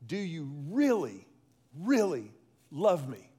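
A male preacher voicing Jesus as a calm, gently insistent man who asks slow, earnest questions in a lowered voice. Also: breathy edge, exaggerated voice.

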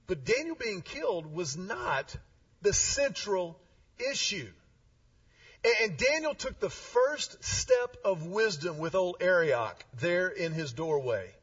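A man, a pastor telling stories in a lively, conversational sermon with asides. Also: sits high, slow pace. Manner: animated, conversational, with restarts and asides. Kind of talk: sermon storytelling. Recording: slightly distant, dull sound.

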